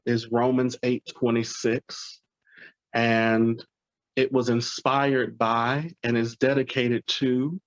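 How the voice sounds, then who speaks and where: Speaking to the crowd at a live poetry reading, this man from Alabama offers heartfelt, softly grateful remarks ahead of his poems. His pitch sits in the medium range. The sound is dry, a bit muffled and lo-fi.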